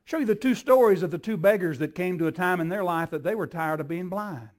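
An older male pastor preaching a sermon in an emphatic, repetitive cadence that builds into shouts. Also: sits high, fast.

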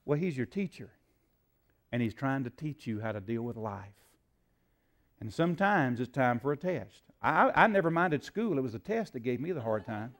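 An older man preaching a sermon to a church congregation, asking the crowd questions and building to loud shouts. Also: fairly high pitch. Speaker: pastor. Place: church sanctuary.

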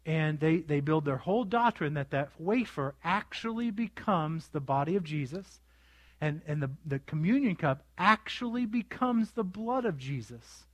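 A high-pitched male pastor delivers his sermon, acting out the scenes he retells. He keeps asking his congregation questions as he goes. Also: normal speed. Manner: animated storytelling with quoted voices, asking the congregation.

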